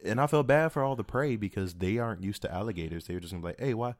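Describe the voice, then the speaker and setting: A man's voice: lowish voice, animated, very fast, no room sound, clean studio sound. A man co-hosting a podcast in casual chat, laid-back, joking and profane. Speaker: podcast co-host.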